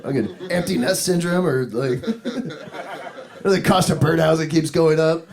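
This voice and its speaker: Gravelly profane stand-up comic man. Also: fairly high pitch, measured pace. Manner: rambling, profane, laughs at own jokes. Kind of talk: stand-up comedy set. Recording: live club recording with crowd noise.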